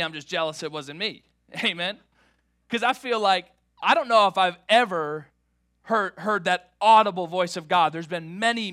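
A man preaching a sermon to his church, animated and repeating words as he builds each point. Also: high voice, no room sound, studio quality. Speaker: pastor.

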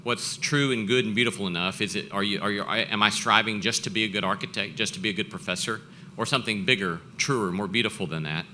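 A male professor tells a personal story in an earnest, reflective way, often circling back and restarting his phrases. His voice is very bright and forward, a little low in pitch, with a faint background hiss. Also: fast talker. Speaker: professor giving a talk. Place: event breakfast gathering.

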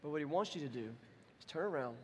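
A man's voice: fairly high pitch, animated, quick pace, a little hiss or hum. A young adult man preaching a sermon as pastor, conversational and storytelling, swinging into voiced quotes. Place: church sanctuary. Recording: long hall reverb.

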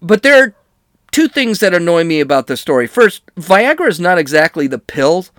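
Middle-aged male podcast host, sarcastic comedic news commentary, somewhat high voice, lively delivery. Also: moderate pace, no room sound, clean studio sound. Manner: wry, sarcastic, digressive.

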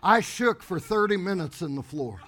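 A pastor telling a story in an animated, exuberant sermon to a congregation in a church. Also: male voice, high voice, normal speed. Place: church sanctuary before a congregation.

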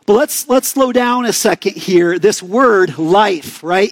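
A young man with an Arizona accent preaches in a relaxed, conversational sermon, often turning to the congregation with questions. His voice sits fairly high for a man. The sound is dry and close, with little room. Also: slow, no room sound. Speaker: pastor.

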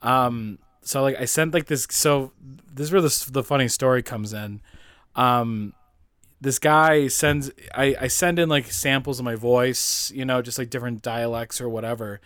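A man's voice: mid-range voice, moderate pace, a bit bright, clean tone, no room sound, clean studio sound. A man in his twenties chatting casually on a podcast, rambling with lots of filler words and laughing through his stories. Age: 20s. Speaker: podcast co-host.

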